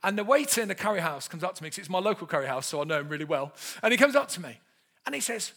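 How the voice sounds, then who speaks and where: A male preacher in his thirties gives a humorous sermon full of animated, self-mocking stories delivered rapid-fire. His voice sits high for a man and swings widely in pitch.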